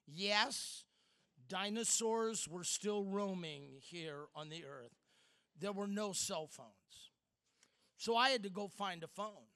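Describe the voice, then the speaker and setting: A middle-aged man giving a sermon, telling a personal story with dramatic pauses and swings from loud to hushed. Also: sits high, expressive, clear, resonant tone. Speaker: speaker.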